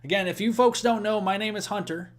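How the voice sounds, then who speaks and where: A man's voice: sits high, fairly quick. A young man with a Midwestern American accent talks on a live weather stream. His voice sits a little above most men's, and he keeps a loose, chatty flow as he thanks viewers and runs through storm and snow details. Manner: chatty, thanks donors, rattles off forecast details. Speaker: weather livestream host.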